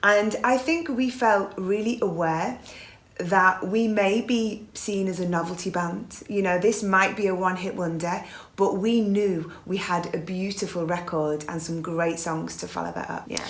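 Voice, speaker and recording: A woman's voice: lowish voice, fairly even intonation, unhurried. Chatty English woman in a roomy space. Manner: chatty, warm-hearted storytelling with laughs. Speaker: guest singer. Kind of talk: casual interview chat.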